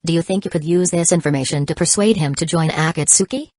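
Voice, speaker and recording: A woman's voice: fairly low pitch, quick pace, darkish tone, no echo, clean studio sound, lightly acted. Woman reading as a composed, purposeful woman.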